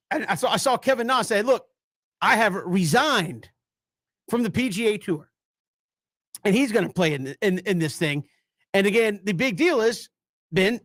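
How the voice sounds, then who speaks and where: Man, very high voice, sports radio co-host, animated, dry recording. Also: no echo. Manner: laughs often, animated storyteller. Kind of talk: casual sports talk.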